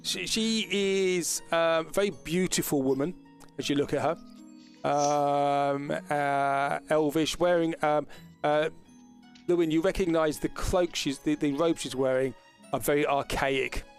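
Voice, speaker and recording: Casting note: male game master, slightly high voice, halting narration, soft music underneath. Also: steady tone. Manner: hesitant, filler-heavy narration.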